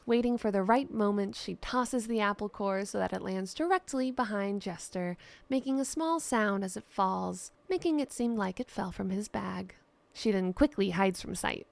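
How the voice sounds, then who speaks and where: Brief: woman narrator, raspy, close and dry, steady descriptive storytelling. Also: medium pitch, moderate pace, no echo. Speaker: writer and narrator. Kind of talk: scripted fantasy narration.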